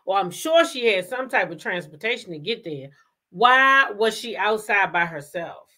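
A woman's voice: mid-range voice, expressive, moderate pace, bright, forceful tone. A woman hosting a casual commentary show, talking emphatically, repeating her points and firing off rhetorical questions. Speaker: commentary host.

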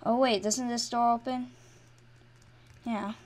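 A woman casually commentates over her own game as a channel host, speaking at a slow pace. She's excitable, swinging from quiet mumbles to loud, high shrieks.

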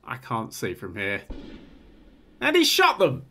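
A man hosting a gaming channel, commentating on a game in an excitable way, often swearing and breaking into laughter. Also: mid-range voice, slow.

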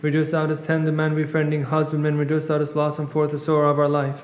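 Male reader, rapid monotone liturgical recitation; muffled, long church reverb. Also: fairly high pitch. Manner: fast monotone recitation, clears throat at times. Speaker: reader at a monastery service. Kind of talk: rapid liturgical chant reading.

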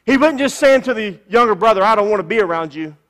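A man preaches a sermon with a high voice that rings through the long reverb of a church sanctuary. He stresses his points through repetition and stretches out key phrases. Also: lively intonation, fast, a bit bright. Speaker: pastor.

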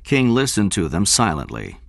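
Man, audiobook narrator, lowish voice, very animated pitch, measured scripted narration, dry close mic. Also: gravelly, dry recording.

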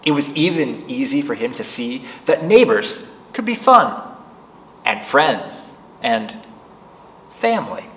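A man leads a children's storytime, reading slowly with a pitch that rises and falls a great deal. His voice comes from a little way off the mic in an echoey room with a long tail of reverb. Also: far from the mic. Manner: slow, animated read-aloud voice for children. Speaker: children's librarian reading aloud. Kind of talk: storytime read-aloud. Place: library room.

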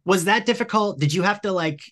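A man's voice: high voice, a little fast, fairly bright tone. A man co-hosting a podcast interview, enthusiastic and chatty, laughing as he asks questions. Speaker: podcast co-host. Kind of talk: casual interview chat.

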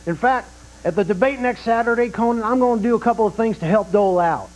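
A man's voice: high-pitched, fast, natural voice. A man doing a giddy, boastful president impression. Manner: cackling, drawling slang, giddy and boastful. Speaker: comedy sketch performer. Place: late-night TV studio. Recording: noisy broadcast with loud studio audience.

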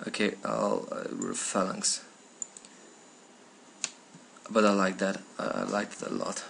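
A man's voice: fairly low pitch, big pitch swings, slow, vocal fry, pauses often, a bit bright, slight background noise. A man with a German accent playing a strategy game at night, cursing and muttering at the computer as he plays. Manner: swears often, talks to the game in frustrated outbursts. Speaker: gamer. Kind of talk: live gameplay commentary.

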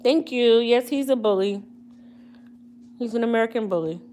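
A woman's voice: a little high, normal speed, warm tone, a little hiss or hum. A woman hosting a casual hair care livestream, joking and using slang as she talks straight to her viewers. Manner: chatty, comedic, slangy, addressing viewers directly.

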